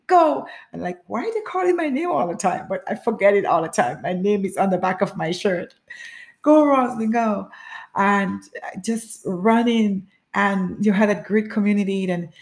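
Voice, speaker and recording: A woman telling a personal story in a casual spoken way, animated, repeating phrases and acting out her own cries. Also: on the low side.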